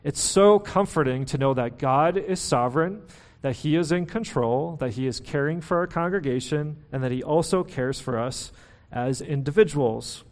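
A man preaching a sermon as pastor, talking in a relaxed, conversational way with fillers, restarts and a self-deprecating humor. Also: fairly high pitch, normal speed.

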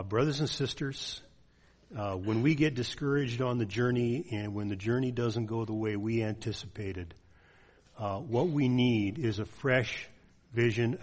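A man's voice: medium pitch, a little slow. A male pastor preaching a sermon in an earnest way, with frequent "uh" fillers, then closing in prayer.

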